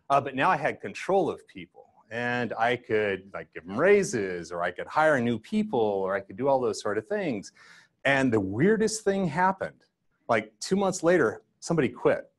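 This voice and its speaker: A man's voice: medium pitch, very animated, normal speed. An older man giving a conference talk, telling self-deprecating stories and acting out his younger self. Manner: self-deprecating storytelling, acts out his past self. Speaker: guest speaker.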